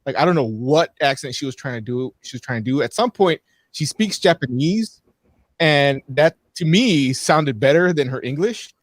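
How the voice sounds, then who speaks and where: A man's voice: fairly high pitch, expressive, moderate pace, dry recording. A man co-hosting a live talk show, rambling casually through frank movie opinions with many restarts. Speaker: podcast co-host.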